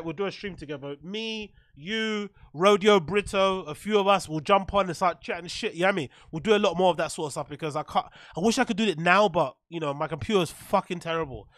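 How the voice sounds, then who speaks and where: A man reacting to clips and thanking donors on a casual live stream, animated and swearing freely. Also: high voice, no room sound, studio quality. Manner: animated, swearing, loud shout-outs.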